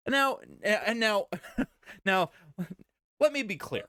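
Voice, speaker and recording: A young man is venting on a podcast mic, his fairly high voice swinging widely in pitch as he swears and piles on the sarcasm. The sound is dry and close, with no room around it. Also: sing-song, takes it slowly, sharp tone, clean tone, dry recording. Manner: ranting, swearing, exasperated, sarcastic. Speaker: podcast co-host. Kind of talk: casual podcast chat. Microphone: desk podcast mic.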